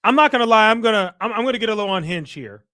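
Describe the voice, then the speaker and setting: A man's voice: high voice, expressive, racing, pushed and bright. A man hosting a live stream, ranting in exasperated casual reaction commentary and swearing freely.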